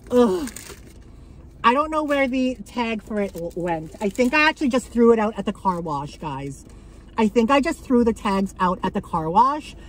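A woman from Canada, talking casually and bluntly to her viewers on a handheld phone, swearing freely and swinging between excitement and annoyance. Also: medium pitch, a little hiss or hum, low-quality recording. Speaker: vlogger. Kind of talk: casual vlog chat. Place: car and grocery store.

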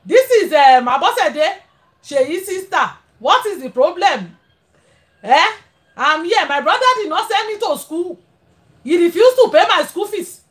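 A woman's voice: extremely high pitch, expressive, unhurried. Woman putting on an insistent unschooled Nigerian sister.

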